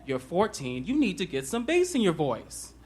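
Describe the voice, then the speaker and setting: A man voicing his blunt, no-nonsense mother as she tells her teenage son to deepen his voice. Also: huge pitch swings, moderate pace. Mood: stern.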